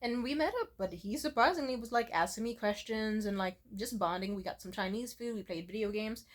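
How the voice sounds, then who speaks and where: A young woman with a medium-pitched voice talks briskly in a casual confessional vlog. She tells personal stories in a candid, rambling way, swearing freely and saying "like" constantly.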